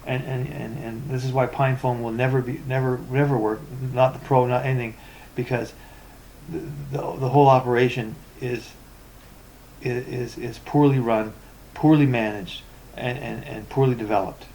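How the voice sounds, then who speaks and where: A man of middle pitch rants sarcastically into his vlog, stumbling over his words and repeating himself as his frustration spills out. A faint noise hums behind him. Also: steady tone, moderate pace, dark tone. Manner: rambling, stammering repetitions; sarcastic and exasperated. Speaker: tech vlogger. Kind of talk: ranting commentary reading forum posts.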